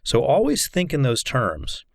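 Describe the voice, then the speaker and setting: A man giving a recorded course lecture on coaching, in a measured, instructive way. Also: mid-range voice, huge pitch swings, vocal fry, no echo. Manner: measured, instructive, deliberate delivery.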